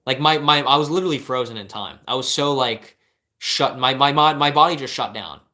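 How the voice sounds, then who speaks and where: Young male life coach, bright tone, earnest, rambling with restarts, casual live advice. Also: medium pitch, brisk. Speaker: life coach answering live viewer questions.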